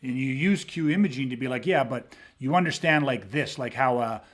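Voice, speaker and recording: A podcast co-host talks a little fast in a mid-range voice, chatting casually and emphatically, swearing often as he tells his stories with animation.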